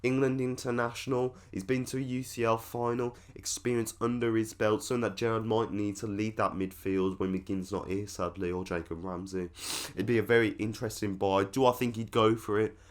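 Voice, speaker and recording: A man's voice: on the low side, flat delivery, a little fast. A man hosting a football fan channel, giving rambling, opinionated commentary with lots of fillers. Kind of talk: casual commentary to camera.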